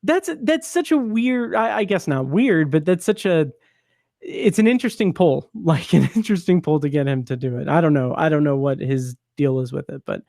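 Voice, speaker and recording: A man's voice: fairly high pitch, animated, normal speed, vocal fry, dark tone, no echo, studio quality. A man hosting a casual film podcast, easygoing and rambling, with frequent laughs and asides. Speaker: podcast host.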